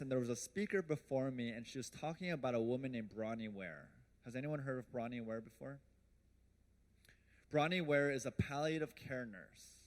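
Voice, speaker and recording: A man in his early thirties giving a motivational storytelling talk on stage, chatty and quizzing his audience. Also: mid-range voice. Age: early 30s. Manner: conversational, asks the audience questions. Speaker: speaker, company founder. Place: event stage before an audience.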